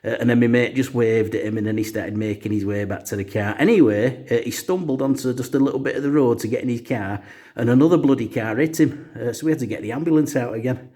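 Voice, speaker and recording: A man telling a funny story as host of his own channel. He rambles casually, leaning on "uh" at the start of nearly every line, and his voice sits at an ordinary middle pitch. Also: fast, mellow. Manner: rambling with frequent "uh" fillers.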